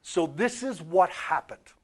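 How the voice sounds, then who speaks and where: A man telling a story in a talk about archetypes, animated, with loud peaks and quiet asides. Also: on the high side, measured pace. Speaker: author and speaker on archetypes.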